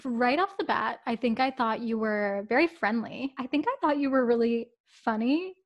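A woman's voice: a little high, normal speed, highs cut off. A woman in her twenties co-hosting a podcast, chatting casually, giggly and earnest. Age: 20s. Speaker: podcast co-host. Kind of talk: casual chat.

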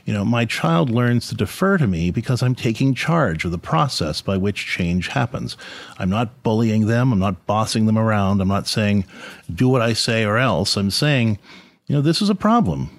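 A man's voice: on the low side, no echo. A man hosting a podcast, giving an earnest, conversational reflection on faith and parenting with frequent restarts. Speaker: podcast host and parenting speaker.

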